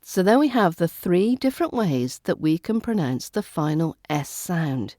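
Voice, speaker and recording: A woman with a British RP accent teaching pronunciation in a podcast lesson, saying each sound slowly and carefully. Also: fairly low pitch, big pitch swings, warm tone, dry recording, clean studio sound. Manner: slow, careful enunciation of single sounds. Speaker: accent coach.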